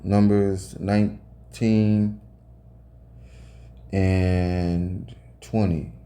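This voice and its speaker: Slow, dark-voiced man preaching. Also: deep voice, little pitch movement. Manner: profane, tags phrases with "man", rereads and corrects himself. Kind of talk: informal scripture reading and ranting sermon.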